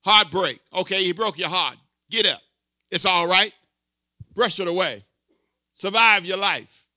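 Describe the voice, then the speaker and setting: A man's voice: high-pitched, unhurried, sharp tone, dry recording, studio quality. A pastor in his sixties preaching a sermon with emphatic, repetitive call-and-response delivery.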